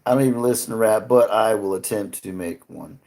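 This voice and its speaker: A man runs a relaxed livestream, chatting freely with those watching while he curses and laughs a good deal. The voice is lowish, brisk, and slightly mellow.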